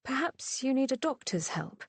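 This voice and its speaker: A woman's voice: high-pitched, big pitch swings, normal speed, breathy edge, dry recording, pitched above the performer's own voice, exaggerated voice. A woman voicing a proper young lady who is polite and frosty. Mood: concerned.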